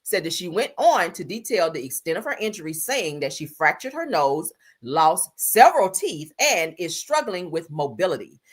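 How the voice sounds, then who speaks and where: Sassy, lively woman streamer. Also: on the low side, moderate pace, hardly any pauses, slightly rough. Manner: sassy, blunt, swearing, calls viewers "honey" and "girl". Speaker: live-stream host. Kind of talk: casual gossip commentary.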